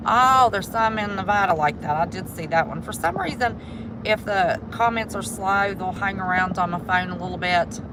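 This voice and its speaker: A woman's voice: medium pitch, normal speed, background noise. A West Virginian woman live-streaming from her car on a mountain drive. She chats in a folksy way and calls her viewers "y'all.". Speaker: vlogger. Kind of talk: casual livestream commentary. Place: inside a car driving mountain roads. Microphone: handheld phone while driving.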